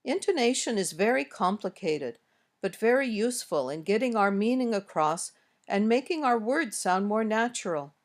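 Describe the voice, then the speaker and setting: A woman with an American accent narrating a scripted English lesson, slowly modeling example sentences. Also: medium pitch, expressive. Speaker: English teacher.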